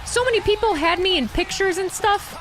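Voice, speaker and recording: A woman's voice: extremely high pitch, a little fast, music in the background. A young woman chatting casually on a live stream, sarcastic and talkative, reading chat messages aloud.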